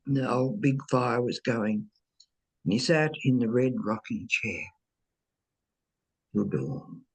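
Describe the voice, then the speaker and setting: A woman slowly recounting a personal ghost story in casual conversation, hesitant, with fillers and repeated words. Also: a bass voice, expressive, breathy edge. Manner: unhurried, dwelling on details. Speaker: medium telling her own ghost stories.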